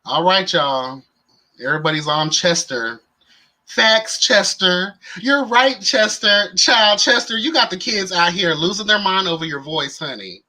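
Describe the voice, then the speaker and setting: A man hosts a casual livestream, his voice bright and forceful and sitting a little high. He talks to his viewers in a sassy, playful way and sounds tired. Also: expressive, unhurried. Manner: sassy and playful, calls viewers "child" and "honey". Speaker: livestream host.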